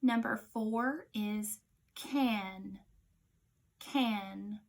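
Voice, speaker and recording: A woman with a mid-range voice teaches young children a phonics lesson, sounding out each letter slowly and clearly.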